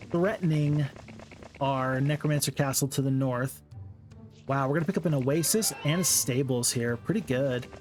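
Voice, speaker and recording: A man commentating his own strategy-game playthrough late at night, chatty and jokey with sudden excited outbursts. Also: mid-range voice. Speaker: gaming commentator. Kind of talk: casual let's-play commentary.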